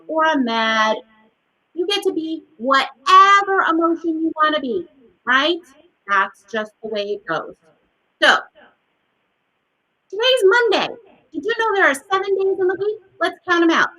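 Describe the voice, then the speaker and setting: Animated woman teaching little kids. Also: high-pitched, moderate pace, poor audio. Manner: animated and sing-song, acting out emotions with gasps and big swings. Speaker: preschool teacher. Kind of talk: circle time lesson for young children.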